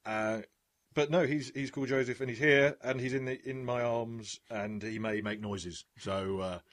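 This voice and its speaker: A man's voice: mid-range voice, steady tone, moderate pace, fairly bright tone. A young man co-hosting a film podcast in casual chat, joking and rambling, laughing often. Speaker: podcast co-host.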